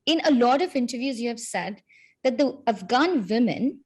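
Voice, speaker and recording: A woman hosting a podcast interview, supportive and encouraging, responding warmly to her guest's story. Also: on the high side, animated, normal speed, slightly rough. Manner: supportive, with soft backchannel sounds. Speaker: podcast host. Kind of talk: interview conversation.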